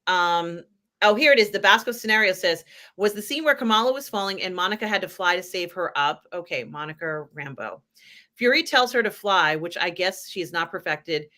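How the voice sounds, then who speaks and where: A woman's voice: fairly low pitch, lively intonation, fairly quick, sharp tone. A woman hosting a live pop culture chat show, talking in a rambling, chatty way with many fillers. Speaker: host.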